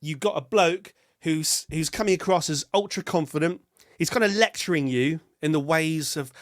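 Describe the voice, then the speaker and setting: A man co-hosting a podcast, chatting excitedly about a film and laughing as he goes. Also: fairly high pitch, normal speed, no echo, clean studio sound. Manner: excitable, animated, laughing while he talks. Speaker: podcast co-host. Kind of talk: casual film review chat.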